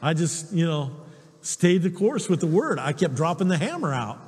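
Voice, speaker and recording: A man preaching a sermon, telling personal stories in an animated way and chuckling often. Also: on the high side, normal speed, breathy edge, in a large hall. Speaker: pastor.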